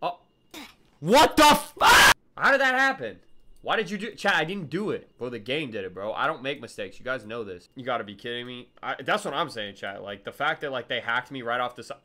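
A young man streaming a horror game, chatting with viewers in slang and yelping and shouting at every scare. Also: medium pitch, quick pace, hardly any pauses. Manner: excitable, yelps and shouts at scares. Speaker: gaming streamer. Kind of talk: live gameplay commentary to chat.

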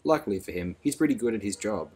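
A man's voice: lowish voice, lively intonation, fast, darkish tone, husky. A man reading an audiobook, voicing a confident young man who speaks in a brief, vigorous, offhand way.

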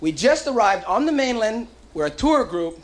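On a comedy club stage, a man with a Hawaiian Pidgin accent does live stand-up, working the crowd with animated, playful banter and put-on voices. His voice is high and moderately paced. The live club recording is on vinyl, with hiss and the audience laughing.

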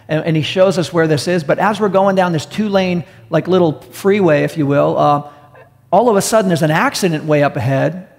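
A pastor telling a story in a sermon, animated and quoting the people in it. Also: male voice, high voice, gravelly. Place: church hall. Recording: echoey church hall.

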